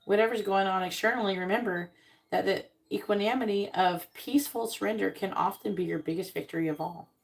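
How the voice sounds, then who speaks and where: A woman doing a casual live tarot reading, reading card meanings aloud and speaking bluntly, with swearing and quick comic voices. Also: mid-range voice, creaky. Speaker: tarot reader on a live stream.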